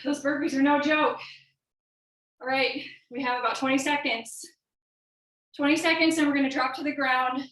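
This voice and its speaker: High-voiced woman coaching a workout class. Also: fairly even intonation, normal speed, pauses often, fairly bright tone. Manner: encouraging cues and countdowns. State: a little out of breath. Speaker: fitness coach. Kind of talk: live workout class instruction. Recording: echoey room, from far off.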